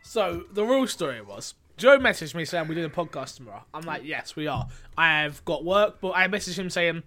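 A man co-hosting a casual podcast over a remote call, loud and teasing, swearing freely. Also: a little high, sing-song, normal speed, a crowd in the background. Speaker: podcast co-host.

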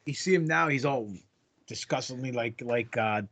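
A man's voice: medium pitch, moderate pace, a bit bright, no room sound. A man co-hosting a podcast, joking crudely in a loose, casual chat about a TV episode. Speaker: podcast co-host.

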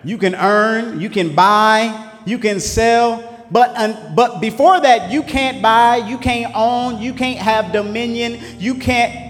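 A man preaching a sermon, swinging between shouted lines and low asides in call-and-response style. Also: slow pace. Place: church sanctuary. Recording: echoey hall with faint music.

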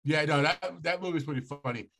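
A man's voice: on the high side, a little fast, vocal fry, fairly bright tone, a little hiss or hum. A man co-hosting a casual podcast, joking crudely and swearing. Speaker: podcast co-host.

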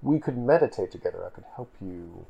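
A man voicing a calm, spiritual female tribal chieftainess in a tabletop game, speaking formally and serenely. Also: low-pitched, a little fast, creaky, husky, pitched below the performer's own voice, exaggerated voice.

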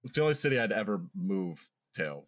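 A man co-hosting a podcast in casual chat. He throws in quick joking asides and swears freely. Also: on the low side, very animated. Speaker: podcast co-host.

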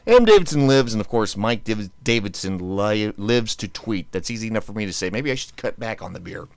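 A man's voice: on the low side, lively intonation, fairly quick, creaky, clean tone, no room sound. A man hosting his own podcast in casual chat, rambling and joking as he restarts his sentences. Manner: rambling, self-interrupting, joking. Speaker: podcast host.

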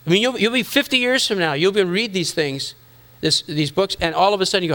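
A middle-aged man preaches a sermon in a high, bright voice. He keeps it conversational, teasing his listeners and acting out the thoughts people have. His delivery is lively and personal. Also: fast talker. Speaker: pastor.

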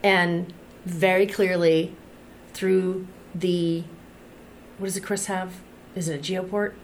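A woman's voice: lowish voice, flat delivery, slow pace, a little hiss or hum. A woman guest in casual chat on a podcast, attentive and agreeable.

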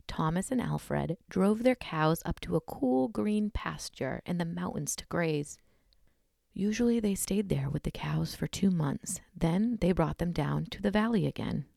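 Woman host, fry-heavy lowish voice, casual scary-story read, dry close mic. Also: a little mellow, no echo. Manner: casual and blunt, swears in asides. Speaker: podcast host.

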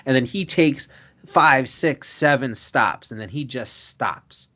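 A man co-hosting a casual wrestling chat, laid-back, mostly short agreeing replies, warming into enthusiastic runs. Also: mid-range voice, expressive, slow, highs cut off. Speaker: co-host.

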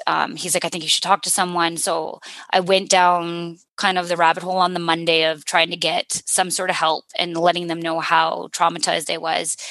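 A paramedic woman in her thirties, from Canada, recounting a personal ordeal in an interview, earnest and halting with many restarts. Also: lowish voice, sharp tone, dry recording. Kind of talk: personal story in a podcast interview.

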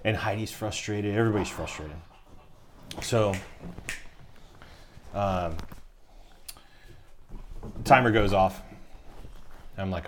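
Guy hosting a podcast, low voice, does the voices when he quotes people, laughs a lot. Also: takes it slowly, pauses often, slight background noise. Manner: animated storyteller, acts out quotes, laughs often. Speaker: podcast host. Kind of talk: casual chat, storytelling.

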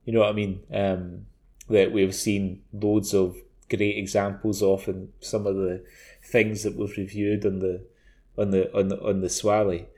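A man's voice: lowish voice, little pitch movement, a little slow, darkish tone. A man co-hosting a podcast, chatting casually, swearing freely and repeating words as he starts his sentences. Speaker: podcast co-host. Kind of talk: casual chat.

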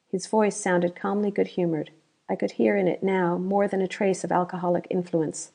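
A woman narrating an audiobook in a steady, measured reading. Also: fairly low pitch, creaky.

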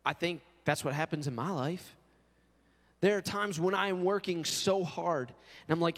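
A male pastor preaching a sermon in an animated way, acting out quotes. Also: on the high side, moderate pace, big-room sound.

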